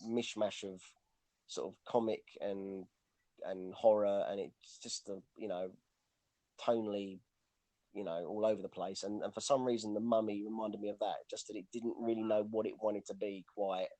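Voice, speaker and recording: Male podcast co-host, low voice, rambling casual film talk, dry sound. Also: fairly even intonation, moderate pace, dark tone, no room sound. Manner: rambling, lots of restarts and "you know".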